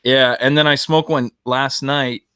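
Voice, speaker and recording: A man's voice: mid-range voice, steady tone, a little slow, a bit bright, clear, resonant tone, dry recording, studio quality. A man chatting casually on a podcast, laid-back and swearing freely. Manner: laid-back, profane banter. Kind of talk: casual chat.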